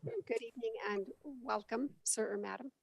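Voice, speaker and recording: A woman's voice: fairly high pitch, normal speed, creaky, no echo, poor audio. A woman serving as mayor, chairing a council meeting in a polite but firm way and stepping in to keep order. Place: council chamber.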